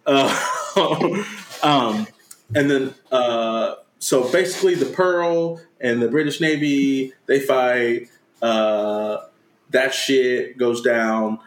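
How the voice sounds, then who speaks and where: A man's voice: mid-range voice, very slow, echoey room, a little hiss or hum. A man casually recapping a movie plot, swearing freely and acting out lines in slang. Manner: profane, slangy retelling with acted-out quotes. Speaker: podcast co-host.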